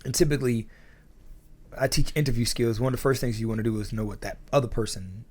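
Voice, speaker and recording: Animated man telling stories. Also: mid-range voice, fast talker. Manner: animated, acts out scenes in voices. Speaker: guest. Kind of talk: casual conversation.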